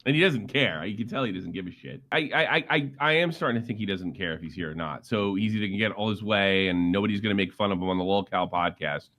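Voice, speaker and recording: A man's voice: lowish voice, quick pace, few pauses, fairly bright tone. A man cohosting a live podcast, complaining in frustration about a fellow cohost. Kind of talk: casual chat on a live podcast.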